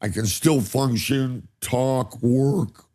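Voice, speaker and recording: A man's voice: mid-range voice, slow pace, mellow. An older man, a guest in a casual chat, telling stories animatedly and laughing often. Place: cannabis company campus studio.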